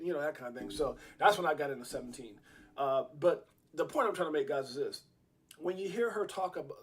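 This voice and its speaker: A middle-aged man hosting a casual crypto livestream, talking in an excitable, repetitive storytelling way. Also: on the high side, slightly rough.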